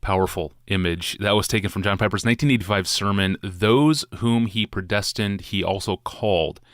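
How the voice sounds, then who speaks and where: Deep-voiced calm male narrator. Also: moderate pace, no echo, studio quality. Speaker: channel narrator. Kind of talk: scripted narration.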